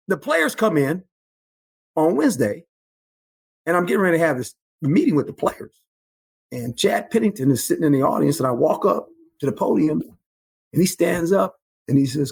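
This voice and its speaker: Animated husky older man telling stories. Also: on the high side, moderate pace, long pauses. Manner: animated, repeats phrases, emphatic bursts. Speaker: guest, former football coach. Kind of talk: storytelling interview.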